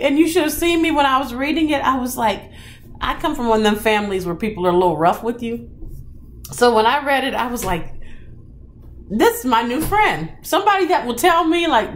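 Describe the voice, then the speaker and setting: A woman in her thirties chats casually on a live stream, answering viewer comments from her cooking channel. Her voice sits a bit high, and she laughs often and gets animated whenever she quotes someone. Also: a little fast, slight background noise. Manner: chatty and laughing often, animated voice when quoting people.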